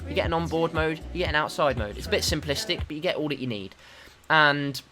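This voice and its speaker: Man ranting about a game, sarcastic, swears, bursts into shouts, guitar music behind. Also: fairly high pitch, fast. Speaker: gaming commentator. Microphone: USB desktop mic.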